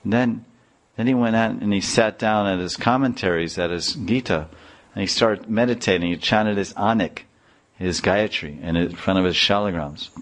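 A man's voice: lowish voice, moderate pace, fairly bright tone. A man telling a devotional story in a rambling way, restarting and repeating phrases.

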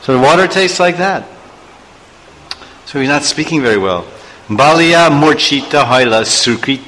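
Male preacher, bright tense tone, digressive storyteller, echoey hall. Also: medium pitch, a little hiss or hum. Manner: digressive, chuckling asides and chanted verses. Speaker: spiritual teacher. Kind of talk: storytelling sermon.

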